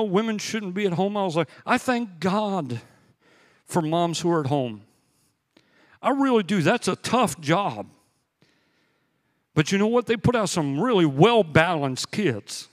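A man's voice: high voice, fairly bright tone. Male pastor preaching in a reverberant hall. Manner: conversational storytelling with emphatic repetition. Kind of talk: sermon.

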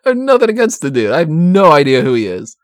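A man's voice: a little high, very animated, fast, no echo, studio quality. A man in casual wrestling podcast chat, rambling and profane, laughing often.

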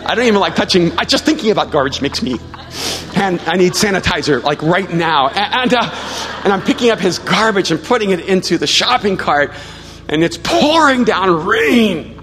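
A man preaching a sermon as pastor, telling a story with self-mocking humor and then turning to a quiet, prayerful appeal. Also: high voice, sing-song, moderate pace. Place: large church hall. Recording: live church hall with long reverb and soft music.

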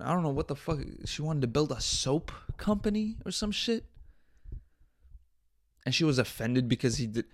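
A man's voice: on the high side, expressive, moderate pace. A man hosting his own podcast, talking bluntly and profanely in a casual, exasperated rant. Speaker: podcast host.

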